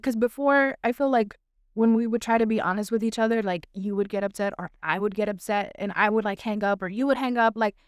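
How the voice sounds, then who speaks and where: A young woman with a smooth, clear voice talks earnestly and candidly, as in a heartfelt sit-down podcast chat. She runs her thoughts together in long stretches, leaning on "like" and "right?", and the sound is close and dry. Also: fairly high pitch, no room sound. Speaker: podcast host. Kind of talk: casual heartfelt conversation.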